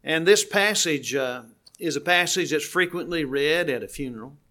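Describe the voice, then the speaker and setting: An older man preaching a sermon, earnest and slowing down to stress key words. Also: fairly high pitch, sharp tone.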